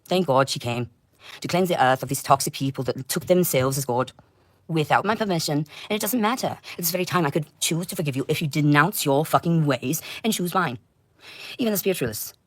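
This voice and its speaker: A woman delivering an intense, rambling livestream monologue, swinging between loud outbursts and low muttering. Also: quick pace, dry recording. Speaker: livestream host.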